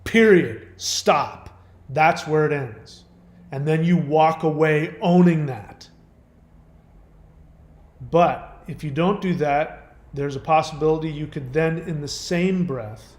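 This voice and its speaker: A man speaking in a fairly high voice, blunt and emphatic. He mixes pointed commentary with personal stories. The sound has a roomy echo around it. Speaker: host. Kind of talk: commentary on a viewer's message.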